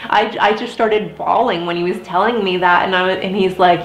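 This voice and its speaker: Young woman vlogger, candid storytime, emotional and chatty, echoey room, mid pitch. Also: fairly even intonation, brisk, hardly any pauses. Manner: candid, emotional, heavy use of "like". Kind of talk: casual storytime. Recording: roomy echo.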